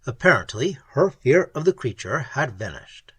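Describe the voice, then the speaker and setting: An audiobook narrator reading a classic science fiction tale with lively, dramatic storytelling. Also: moderate pace, few pauses, breathy edge, no echo. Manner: lively, dramatic storytelling, swinging widely in pitch. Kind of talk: slow, expressive audiobook narration.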